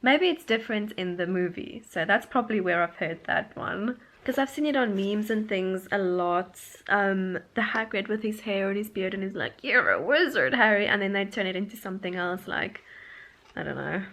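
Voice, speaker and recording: A woman in a casual reading vlog, chatting at a middle pitch. She breaks into giggles and lively asides as she talks. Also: normal speed, rough recording. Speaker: book vlogger.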